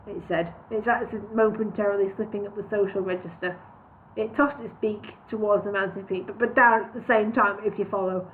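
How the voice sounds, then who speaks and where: A woman's voice: medium pitch, fairly even intonation, fairly quick, a little hiss or hum. A woman reading a parody fantasy novel aloud, sometimes stopping to redo a line. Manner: stops and redoes lines. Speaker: reader. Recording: tinny phone-like sound.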